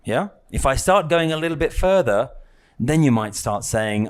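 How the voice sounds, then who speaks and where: This man's voice is medium-pitched, clear and resonant, and he speaks animatedly at normal speed. Teaching a spiritual lesson live, he chats casually, teases, and often asks "yeah?" or "right?".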